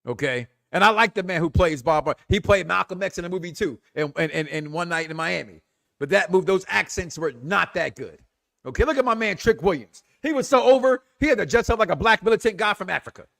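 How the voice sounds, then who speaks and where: A man's voice: sits high, brisk, gravelly. A man hosting a wrestling talk show, giving an impassioned commentary rant that is emphatic and full of repetition. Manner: animated, emphatic, repeats himself.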